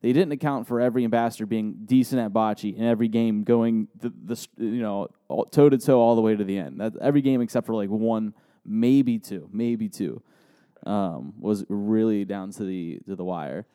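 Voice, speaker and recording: A man's voice: fairly low pitch, normal speed, dark tone, smooth, dry recording, clean studio sound. A man co-hosting a podcast in casual chat, telling anecdotes and laughing often. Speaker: podcast co-host.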